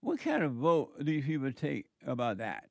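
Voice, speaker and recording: A man's voice: mid-range voice, wildly swooping pitch, moderate pace, creaky, no echo. A man hosting a commentary show, delivering an emphatic, lecturing monologue that repeats its points.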